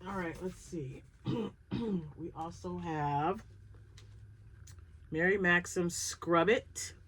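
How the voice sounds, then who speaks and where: Woman, crochet vlogger, lowish voice, unhurried, chatty, excitable, faint background noise. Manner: chatty, excitable, thinks aloud. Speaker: crochet channel host. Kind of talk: casual yarn unboxing chat.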